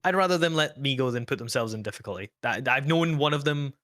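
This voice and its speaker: A man on a voice call, talking in a halting way with many restarts, telling a story in casual chat. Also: mid-range voice, animated, fairly bright tone, no room sound, studio quality. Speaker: caller.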